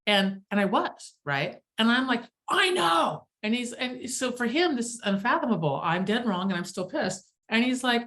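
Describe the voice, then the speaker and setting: A woman hosting a casual group chat, telling stories in an animated, self-deprecating way. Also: fairly high pitch, moderate pace, hardly any pauses.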